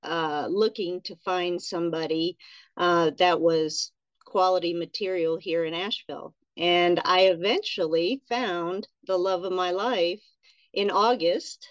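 Woman, 40s, podcast guest, earnest, animated storyteller, dull lo-fi sound, dry. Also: lowish voice, smooth, no room sound. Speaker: guest, nurse and writer. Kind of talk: casual interview chat.

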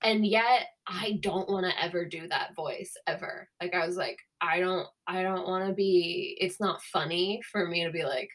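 A woman's voice: on the low side, fairly even intonation, normal speed, hardly any pauses, a bit bright. A woman co-hosting a podcast, telling rambling, chatty stories in casual conversation. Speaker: podcast co-host. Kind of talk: casual chat.

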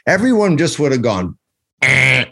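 A man co-hosting a podcast, arguing in a joking, animated way and slipping into impressions. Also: mid-range voice, normal speed. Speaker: podcast co-host. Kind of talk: casual debate chat.

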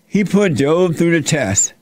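A man's voice: a little high, animated, a little slow, a little mellow, no room sound. A man hosting his show and retelling a Bible story in a folksy, plainspoken sermon style. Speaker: host and preacher.

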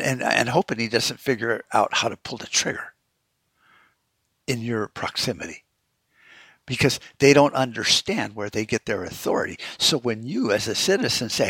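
A man's voice: medium pitch, vocal fry, fairly bright tone, breathy edge, no room sound. A man hosting a solo podcast, ranting about politics in a blunt, profane and rambling way. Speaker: podcast host.

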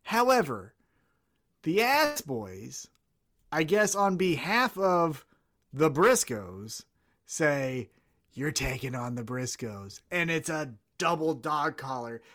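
A man's voice: fairly high pitch, very animated, slow, fairly bright tone. A man co-hosting a wrestling podcast, chatting casually and swearing freely, sometimes losing track of names. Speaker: podcast co-host.

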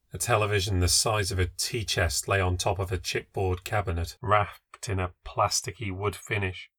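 Wry, measured male narrator for a ghost story podcast, slightly low and crisp-edged. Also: pushed and bright, no room sound. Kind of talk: scripted first-person ghost story narration.

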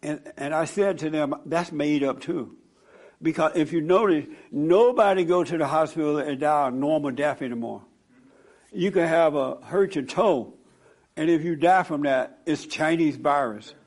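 Male pastor, raised pitch, animated storytelling sermon to a congregation. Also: normal speed. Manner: animated, storytelling, laughing at own stories. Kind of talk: sermon with audience counseling.

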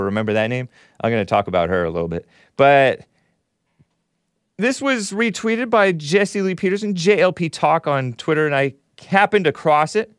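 A man's voice: a little high, smooth, dry recording, studio quality. A man hosting a solo commentary show, sarcastic and given to chuckling at his own remarks. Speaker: show host.

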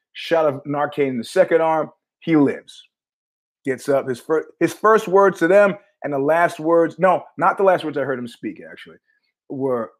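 A man hosting his own show, telling a story in a blunt, profane, conversational way. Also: on the high side. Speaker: host. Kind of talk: casual storytelling monologue.

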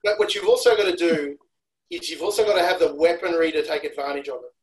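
Male analyst guest from Australia, casual podcast chat, slightly raised pitch, analytical delivery. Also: fast talker, low-quality recording. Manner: analytical, repeats words when restarting.

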